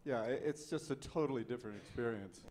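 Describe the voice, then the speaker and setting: A man telling a lively anecdote as an actor on a convention panel, speaking into a handheld mic. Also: mid-range voice, quick pace, slight background noise. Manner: lively, animated storyteller. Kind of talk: storytelling anecdote. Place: convention hall.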